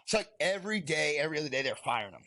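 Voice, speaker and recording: A man's voice: a little high, sing-song, rapid-fire, pushed and bright. A retired Marine sergeant, a man, is a podcast guest telling war stories in a blunt, profane way and often laughing while he talks. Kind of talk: candid storytelling interview.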